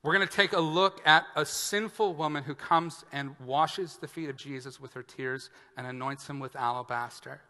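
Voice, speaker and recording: A man preaching as a pastor, telling a funny personal story with animated, acted-out quotes before outlining scripture. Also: on the high side, moderate pace, few pauses. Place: church sanctuary. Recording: long church-hall reverb.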